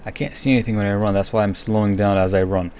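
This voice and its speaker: A man's voice: on the low side, fairly even intonation, quick pace, darkish tone. A young man giving nervous running commentary while playing a horror game, often dropping to a whisper. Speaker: gaming streamer.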